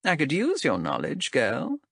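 A man's voice: medium pitch, huge pitch swings, unhurried, vocal fry, fairly bright tone, dry recording, studio quality, voice pushed up, full character voice. A male narrator voicing a shrewd, mocking female elf captain in a raised, sardonic voice. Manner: sardonic, wheedling, menacing. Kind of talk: audiobook character voice.

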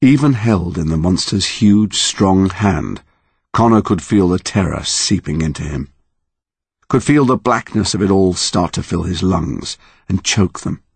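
A man's voice: sits low, expressive, a little slow, vocal fry, husky, no echo. A man narrating a story in a dramatic, emotionally charged reading. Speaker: audiobook narrator.

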